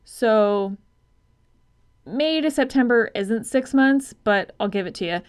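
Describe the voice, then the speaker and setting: A woman's voice: a little high, animated, slow, smooth. A woman co-hosting a film podcast in casual chat, thinking aloud in loose, rambling sentences, swearing and laughing easily. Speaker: podcast co-host.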